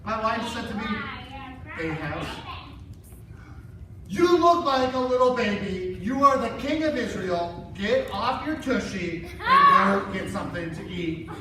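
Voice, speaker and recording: A man playing a whiny, childish grown king in an excitable first-person Bible story skit for children. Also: high-pitched, measured pace. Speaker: children's church presenter. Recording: echoey hall, far from mic, noisy.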